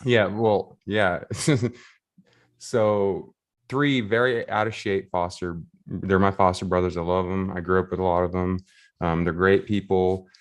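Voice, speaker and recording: A man with a very low, deep voice tells a loose, rambling story. He laughs through it and leans on plenty of fillers. He sounds like a volunteer recapping a race day. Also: fairly even intonation, unhurried. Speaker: race volunteer and shuttle driver.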